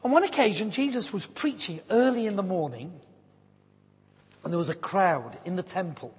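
A woman preaching a sermon, telling stories with lively acted-out voices. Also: fairly low pitch, moderate pace, breathy edge. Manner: animated storyteller acting out voices. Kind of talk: sermon storytelling. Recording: long hall reverb.

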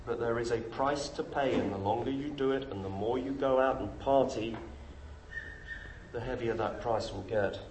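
A middle-aged man preaching a sermon, emphatic and full of rhetorical questions. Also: moderate pace. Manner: emphatic, rhetorical questions, lively pitch swings. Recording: echoey room with faint noise.

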